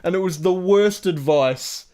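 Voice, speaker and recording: A man's voice: high voice, unhurried, a little mellow. A man co-hosting a casual film review podcast, telling stories animatedly and mimicking characters. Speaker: podcast co-host.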